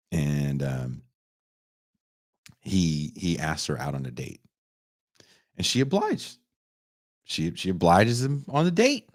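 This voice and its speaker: A young man hosting a podcast, retelling a movie in casual, profane chat and putting on quick voices for its characters. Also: extremely low pitch, no room sound, clean studio sound. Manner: profane, animated storytelling with put-on character voices. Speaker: podcast host.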